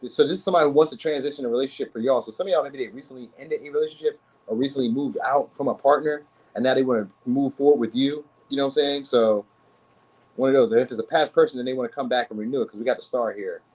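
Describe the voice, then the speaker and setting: A man's voice: mid-range voice, rapid-fire, darkish tone, rough recording. A man giving a casual tarot reading to his viewers, rambling in slangy talk with many fillers and restarts. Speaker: tarot reader.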